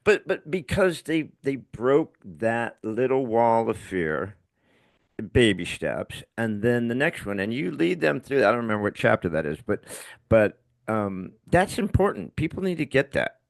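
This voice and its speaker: A man's voice: mid-range voice, sing-song, unhurried, gravelly, no echo. An older man hosting a podcast, chatting casually and acting out little scenes with the odd swear word. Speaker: podcast host.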